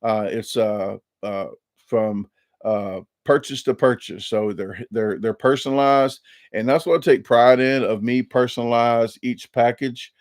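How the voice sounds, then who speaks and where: A man in his forties from Illinois, talks through a casual live stream. He rambles, restarting sentences and repeating small words as he goes. His voice sits at an ordinary middle pitch, and the sound is dry, with no room echo. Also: unhurried, a little mellow. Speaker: YouTube channel host.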